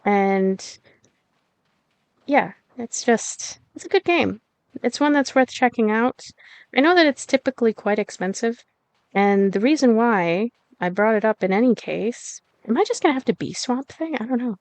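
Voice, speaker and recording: A woman's voice: a little high, animated, moderate pace, darkish tone, dry recording. A young woman giving casual, bubbly let's-play commentary as she plays a game, giggling and cooing at the animals on screen. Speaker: gameplay streamer.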